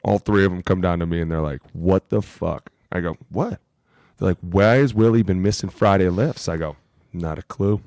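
A man's voice: low voice, moderate pace, darkish tone, no echo. A man co-hosting a football podcast, a former lineman telling profane, emphatic locker-room stories in casual chat.

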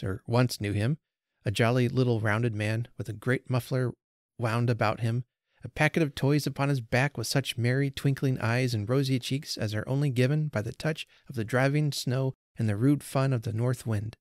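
A man hosting a podcast, reading a story aloud in measured, unhurried narration. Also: medium pitch, no echo, clean studio sound. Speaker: podcast host.

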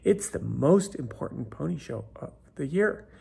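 A man voicing a jealous, stuck-up pony in a storybook, with a raspy, gravelly voice. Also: fairly high pitch, very animated, normal speed, darkish tone, exaggerated voice. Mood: catty. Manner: jealous, sneering.

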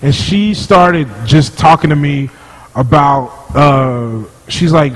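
Animated storytelling man, slightly high voice. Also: normal speed, low-quality recording. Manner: animated storyteller who laughs often. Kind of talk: casual chat.

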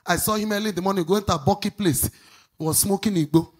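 A husky-voiced middle-aged woman preaches a sermon. She rises into loud, fast bursts and then drops into low, confiding asides. Her pitch sits in an ordinary middle range for a woman. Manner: animated preaching, swinging between shouts and low asides. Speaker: pastor.

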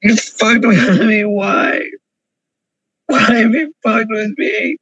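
Crying high-voiced man pleading, slow. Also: a bit bright, husky, no echo, dull audio. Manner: pleading, repeats himself over and over. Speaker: vlogger. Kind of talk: emotional confessional vlog monologue. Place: parked car.

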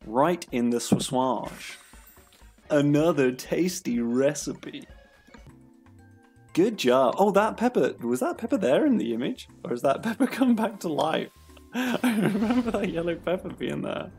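A man's voice: high voice, sing-song, normal speed, vocal fry, a little mellow, faint music behind. Giggly man commenting on a game. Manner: giggly, playful, frequent laughter. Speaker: streamer. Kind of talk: gameplay commentary.

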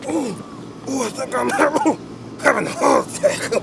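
A man's voice: very high voice, wildly swooping pitch, brisk, creaky, heavily acted, low-quality recording. A man playing a feeble old man who gasps and groans. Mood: gasping. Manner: gasping and groaning.

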